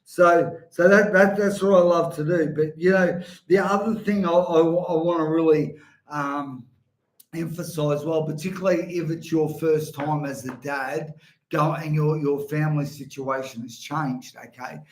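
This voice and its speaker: A man's voice: fairly high pitch, fairly even intonation, a little slow. Earnest middle-aged man coaching other men. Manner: earnest, direct, addresses listeners as gentlemen. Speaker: men's coach. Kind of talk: motivational talk to men. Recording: roomy echo.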